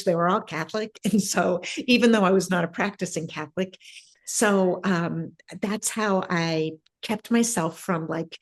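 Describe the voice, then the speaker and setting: A woman guest in an interview, telling a personal spiritual story in a reflective, halting way with many pauses and fillers. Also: lowish voice. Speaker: interview guest, ancestral healer.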